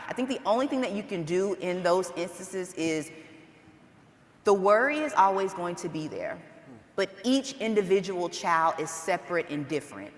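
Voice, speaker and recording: A woman's voice: on the low side, fairly bright tone. A woman speaking on a conference panel, candid and earnest, acting out bits of family dialogue. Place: conference hall. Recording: echoey hall, faint noise.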